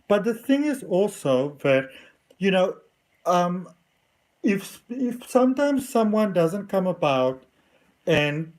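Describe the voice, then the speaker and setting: A man's voice: a little high, a little mellow. A man giving a chatty, affectionate tarot reading at home. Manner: effusive and affectionate, chatty with many "you know"s. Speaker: tarot reader. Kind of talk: casual tarot reading to camera.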